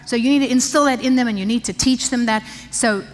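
Her voice is on the high side and fast: an older woman, the pastor's wife, preaching an emphatic, conversational sermon to women. Long reverb from the church hall surrounds her words.

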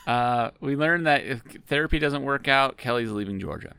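A man's voice: medium pitch, moderate pace, bright, forceful tone, smooth. A man co-hosting a casual recap podcast, wry and sarcastic, making crude jokes. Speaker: podcast co-host.

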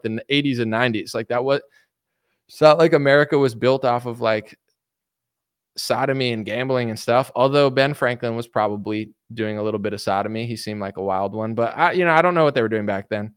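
A man talking off the cuff on a livestream, answering viewers' comments in a loose, filler-packed ramble full of restarts. His voice sits in a middle register and sounds smooth and resonant. It is caught close and dry, with no room echo. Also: medium pitch. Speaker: livestream commentator reading chat. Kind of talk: casual political rant.

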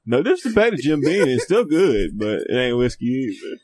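A man's voice: medium pitch, sing-song, moderate pace, a little mellow. A man in a casual group chat, opinionated and teasing.

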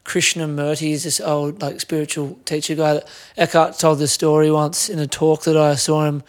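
An Australian man speaks as a guest in a casual podcast chat. His voice sits a little higher than most men's. He thinks out loud, trailing off and looping back with lots of fillers. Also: level tone, normal speed. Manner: reflective, rambling with many fillers. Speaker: podcast guest, metal musician. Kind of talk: casual conversation.

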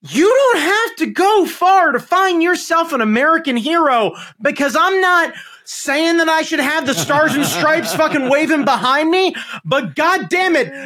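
Man, podcast host, profane theatrical rant, high voice, very lively pitch. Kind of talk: casual chat.

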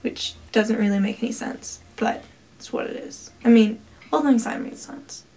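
A woman casually quizzing a friend on holiday trivia, playful and quick to laugh. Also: fairly high pitch, mellow. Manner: playful, laughs often, tries out foreign words. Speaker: trivia quiz partner. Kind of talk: casual chat.

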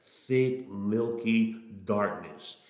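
A middle-aged man tells his testimony as a preacher. His voice sits on the low side and he speaks in a folksy, earnest way, stumbling over his starts. The sound carries a roomy echo. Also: extremely slow, a little mellow. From Oklahoma. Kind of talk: testimony storytelling.

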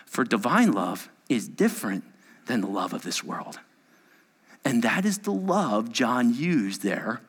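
A man in his forties preaching a sermon as a pastor, animated and quick to act out the people he describes. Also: mid-range voice. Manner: animated, acting out quoted people in quick impressions.

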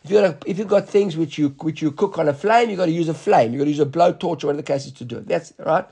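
Gravelly, husky man teaching a Talmud class. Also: fairly high pitch, mellow. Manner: quick, repetitive teaching with restarts and checking questions.

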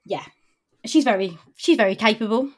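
A woman's voice: a little high, expressive, moderate pace. A woman co-hosting a book podcast, talking casually with frequent laughs and some hesitation. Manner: laughing, hesitant with fillers and restarts. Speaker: podcast co-host.

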